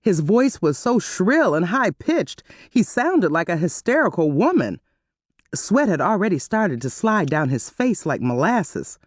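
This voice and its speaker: A woman narrating an audiobook in an expressive, animated reading style on a close mic. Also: fairly low pitch, unhurried, dry recording.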